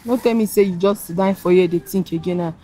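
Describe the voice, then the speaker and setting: A woman's voice: lowish voice, fast, mellow. A young woman with a Nigerian accent, teasing and complaining in film dialogue. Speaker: pregnant girlfriend.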